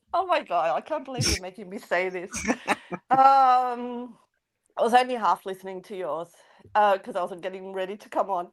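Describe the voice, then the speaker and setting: A woman's voice: medium pitch, expressive, moderate pace, long pauses. An Australian woman chatting casually as a guest on a live stream, teasing and laughing often. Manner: giggly, teasing. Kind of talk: casual chat.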